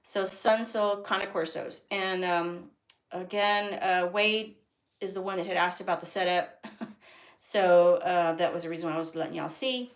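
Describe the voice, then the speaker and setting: A woman's voice: lowish voice, steady tone, normal speed. A woman in her forties, a dog breeder chatting casually on a live stream from a bedroom at home. She rambles, with many ums and restarts. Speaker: dog breeder and kennel owner. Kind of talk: casual live stream, reading viewer comments. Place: home bedroom with a whelping box, indoors. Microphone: phone.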